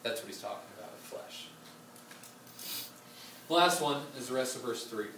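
A man's voice: medium pitch, animated, moderate pace, bright, forceful tone, a little hiss or hum. A man preaching a sermon in a conversational way, with frequent fillers and asides, recorded from a distance in a church hall. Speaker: pastor. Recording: roomy sound from a distant mic with faint ambience.

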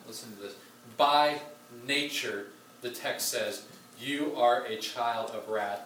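A man's voice: medium pitch, a little slow, fairly bright tone, slight background noise. A man preaching a sermon in a conversational way, with frequent fillers and asides, recorded from a distance in a church hall. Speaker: pastor. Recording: roomy sound from a distant mic with faint ambience.

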